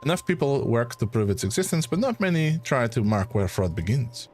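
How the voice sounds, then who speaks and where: A man's voice: medium pitch, sing-song, darkish tone, a little hiss or hum, natural voice. A man voicing a suave, courteous French male academic who exposes fraud, with a put-on French accent. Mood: measured. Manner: measured, courteous, slightly haughty.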